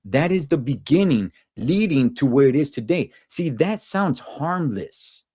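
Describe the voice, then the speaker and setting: Animated husky-voiced man. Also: fairly high pitch, unhurried, no echo, studio quality. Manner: animated, repeats words when worked up. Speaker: podcast host. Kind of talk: casual opinion chat.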